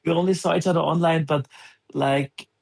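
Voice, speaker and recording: A man's voice: a little high, fairly even intonation, normal speed, vocal fry, a little mellow. A man co-hosting a podcast, speaking hesitantly with many restarts and fillers. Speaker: podcast co-host. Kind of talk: casual podcast chat.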